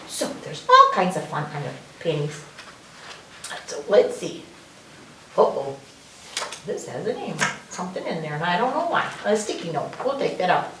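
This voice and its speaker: A woman's voice: lowish voice, big pitch swings, moderate pace, a bit bright. A woman reading a picture book aloud at a library story time, playful and sing-song. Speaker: children's librarian. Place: library room. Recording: roomy echo, mic far off.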